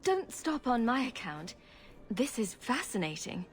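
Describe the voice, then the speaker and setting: A woman's voice: a little high, very animated, a little slow, a little hiss or hum. An actress voicing a composed female warrior hero, courteous and dry, in a video game. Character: composed female champion warrior, adult woman.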